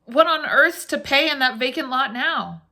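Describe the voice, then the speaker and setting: A woman's voice: high voice, moderate pace, pushed and bright, voice pushed up. A woman voicing a pale teenage son who talks shakily while trying to sound unconcerned. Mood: shaken. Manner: shaky, trying to sound offhand. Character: shaken teenage son faking calm.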